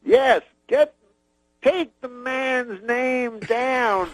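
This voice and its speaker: Man putting on a high, halting older comedian, clipped fragment sentences, drawn-out words. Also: animated, gravelly, no room sound, exaggerated voice. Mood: grand.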